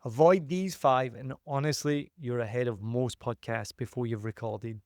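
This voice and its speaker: A man talks straight to his listeners in a solo advice podcast, punchy and emphatic, never hedging his opinions. His voice sits at an ordinary middle pitch. The sound is dry, with no room echo. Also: fairly even intonation, moderate pace, a little mellow. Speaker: podcast host and consultant.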